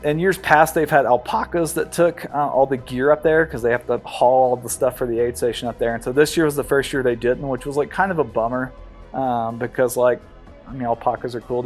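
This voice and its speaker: A man, an ultramarathon runner, telling his race story in a documentary interview, halting and conversational with many fillers. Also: mid-range voice.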